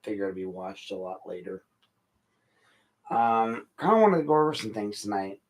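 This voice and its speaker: A man's voice: on the low side, lively intonation, normal speed, low-quality recording. A middle-aged man, hosting an unscripted late-night podcast and talking bluntly in a frustrated rant. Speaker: podcast host.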